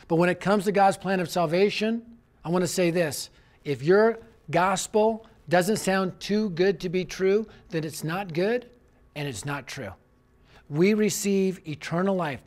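Animated man preaching a story-driven sermon. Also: a little slow. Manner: animated storytelling, acting out voices, drops low and quiet for serious points. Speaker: youth evangelist.

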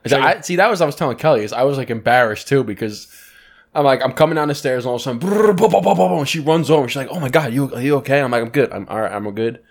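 A man co-hosting a casual podcast, telling stories in an animated way, swearing and laughing often. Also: mid-range voice, racing, creaky. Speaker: podcast co-host. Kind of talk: casual chat.

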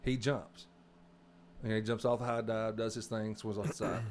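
A man's voice: lowish voice, little pitch movement, normal speed, darkish tone, slight background noise. Rambling South Arkansas man storytelling. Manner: rambling storyteller, many restarts. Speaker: podcast co-host. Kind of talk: casual faith discussion.

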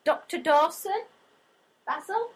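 A woman's voice: very high-pitched, lively intonation, slow pace, low-quality recording. A woman co-hosting a live podcast meetup, giggling as she reads out a list. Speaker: podcast co-host. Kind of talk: casual live chat.

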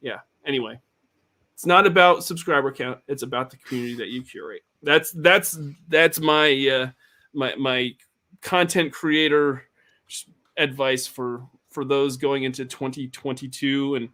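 A man's voice: medium pitch, fairly even intonation, unhurried, bright, forceful tone. A man hosting a casual livestream chat, rambling with many fillers and restarts. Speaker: podcast host.

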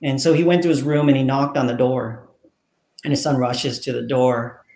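Gravelly man telling a story. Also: mid-range voice, moderate pace, echoey room. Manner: animated storyteller acting out dialogue. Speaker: author and guest. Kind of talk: interview storytelling.

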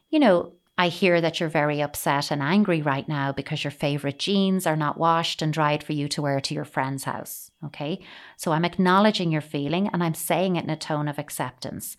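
A woman giving parenting advice in a calm, measured coaching tone, often saying "you know". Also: low voice. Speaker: parenting expert.

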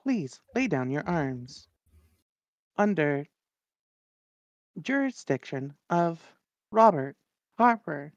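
A tabletop player voicing Alpha, a formal, commanding juggernaut, in a flat official tone. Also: medium pitch, slow, pauses often, no echo, dull audio. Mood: stern. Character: imposing armored juggernaut called Alpha.

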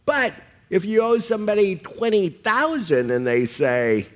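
A man with a fairly high voice speaking as a pastor. His pitch rises and falls a lot, and he talks with enthusiasm and casual, everyday examples. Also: very animated, unhurried. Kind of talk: sermon discussion.

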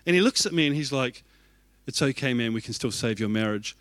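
A man's voice: mid-range voice, animated, brisk, fairly bright tone. A man, an executive pastor telling a self-deprecating story in a sermon and acting out his own reactions.

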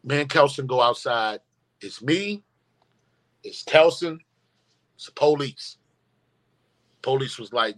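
A man's voice: mid-range voice, slow, pauses often, a bit bright. A man telling an emphatic, profane story as a guest in a casual interview.

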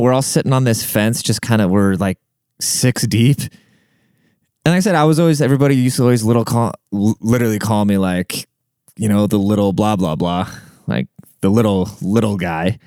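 A young man who grew up in Germany casually tells a rambling, profane story from his childhood, laughing often as he goes. His voice is on the low side, a little mellow and smooth, at normal speed, in a dry, clean studio recording.

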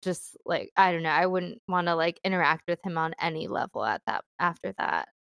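A woman's voice: fairly low pitch, lively intonation, fairly quick, vocal fry, a bit bright, clean tone, no echo, clean studio sound. A young woman telling a bad-date story in casual chat, filler-heavy and laughing often. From Philippines. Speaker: guest telling a dating story.

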